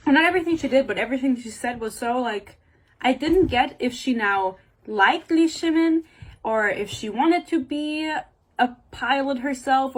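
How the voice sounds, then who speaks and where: A woman's voice: on the high side, rough recording. A young woman giving a casual, sarcastic book rant at home, swearing bluntly and using lots of filler words. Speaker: book reviewer.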